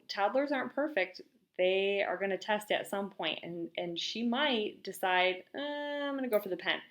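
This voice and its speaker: A young woman giving parenting advice in an earnest, gentle, explanatory way, now and then acting out what she and her toddler say. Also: fairly low pitch. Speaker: parenting teacher.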